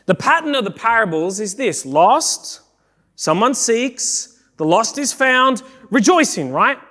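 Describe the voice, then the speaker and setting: Male pastor, sermon, slow deliberate delivery, animated, acts out quoted voices. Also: very high voice. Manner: animated preaching, acting out quoted voices, rising to shouts. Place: church sanctuary.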